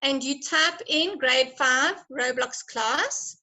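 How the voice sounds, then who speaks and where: Bright, high-voiced encouraging woman teacher. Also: slow, low-quality recording. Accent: South African. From South Africa. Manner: encouraging, chatty, laughs often. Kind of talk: online class lesson.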